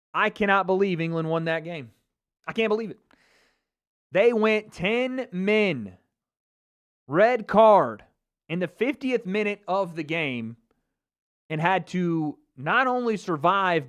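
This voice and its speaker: An American man giving an excitable live reaction to a football match as a YouTube host, swearing and breaking into shouts. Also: sits high, takes it slowly, long pauses. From United States.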